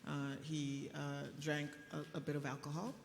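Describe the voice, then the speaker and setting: A middle-aged woman physician speaking on a conference panel, telling stories in a lively way with laughs. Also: low voice, normal speed, vocal fry, slight background noise. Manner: animated storytelling with laughs. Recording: echoey hall with faint ambience.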